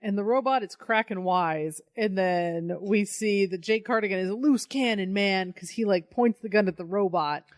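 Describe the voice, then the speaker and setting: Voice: mid-range voice, normal speed, hardly any pauses. A co-host recaps a plot in an easygoing, rambling way, swearing casually along the way. The voice sits in the middle range, and the talk stays conversational. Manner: laid-back, rambling, profane plot recap. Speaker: podcast co-host. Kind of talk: casual chat.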